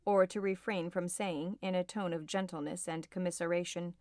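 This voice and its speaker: A woman narrating a classic novel as an audiobook, in a measured, expressive reading. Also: lowish voice, no echo, studio quality.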